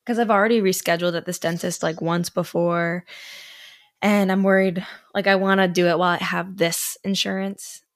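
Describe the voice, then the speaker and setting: A woman's voice: lowish voice, fairly even intonation, normal speed, no room sound, studio quality. A woman in her thirties co-hosting a podcast, chatting casually and rambling with lots of fillers. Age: 30s. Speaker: podcast co-host. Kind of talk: casual chat.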